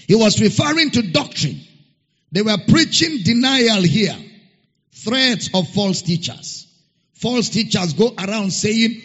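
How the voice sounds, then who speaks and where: High-voiced preacher man in a reverberant hall. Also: lively intonation, measured pace, a bit bright, slightly rough. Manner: emphatic, repeats key phrases, sings some words. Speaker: pastor. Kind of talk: sermon. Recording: dull lo-fi recording in a reverberant hall.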